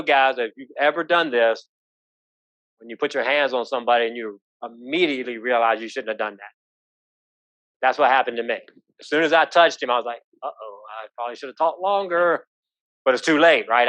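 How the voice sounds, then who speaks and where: A man's voice: mid-range voice, fairly bright tone, no room sound. A man teaching an active shooter training class, telling stories in a folksy way and checking in with the room often. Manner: folksy, storytelling, asks the room "right?". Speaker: police trainer. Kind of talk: live safety training talk. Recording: dull lo-fi sound.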